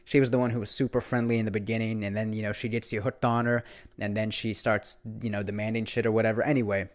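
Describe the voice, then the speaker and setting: A young man vlogging, telling a casual story in a rambling, animated way, full of restarts and swearing. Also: on the low side, quick pace.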